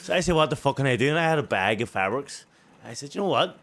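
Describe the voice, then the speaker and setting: A young man with a Belfast accent tells a story in casual podcast chat. He is animated and swears a lot, and his voice sits at an ordinary middle pitch. He laughs his way through the funny parts. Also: quick pace. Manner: animated, profane storytelling that keeps breaking into laughter. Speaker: co-host.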